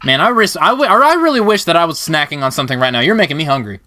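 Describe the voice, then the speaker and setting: Animated high-voiced man narrating wrestling. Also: racing. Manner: animated, jokey, laughs loudly. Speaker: podcast host narrating a wrestling game. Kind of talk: casual podcast narration.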